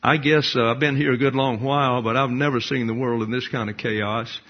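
An older man preaching a teaching sermon, measured and explanatory, with frequent rhetorical questions. His voice is husky at an average pitch. The recording sounds dull and lo-fi. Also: fairly even intonation. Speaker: pastor.

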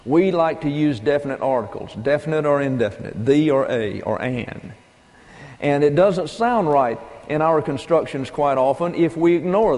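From a church pulpit, a pastor delivers an expository Bible teaching sermon in a slightly high voice with a darkish tone and a long reverb tail. He's methodical, working through numbered points and spelling out terms.

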